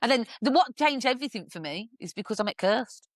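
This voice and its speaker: A woman's voice: a little high, fast, dry recording, studio quality. A woman from England in her thirties, a podcast guest telling stories with lots of laughing and acted-out voices. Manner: animated, acts out voices, swears, laughs often. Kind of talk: casual storytelling chat.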